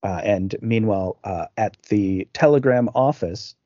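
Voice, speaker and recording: A man's voice: on the low side, unhurried, mellow, dry recording. A man co-hosting a podcast, recapping a film in casual talk, rambling with lots of fillers and restarts. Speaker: podcast co-host. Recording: dull lo-fi dry sound.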